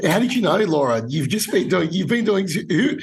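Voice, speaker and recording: A man guesting on a podcast, joking in casual banter with quick restarts. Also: high-pitched, big pitch swings, very noisy. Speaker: podcast guest, business development head.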